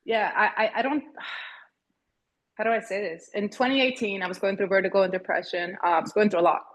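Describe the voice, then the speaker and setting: A woman in her thirties telling a personal story as a podcast guest, halting and searching for words with frequent restarts. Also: medium pitch, fairly even intonation. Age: 30s.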